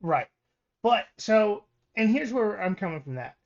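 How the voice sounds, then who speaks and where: A very animated podcast co-host with a high-pitched voice talks sports unhurriedly, reading through records with frequent ums and restarts. The sound is lo-fi.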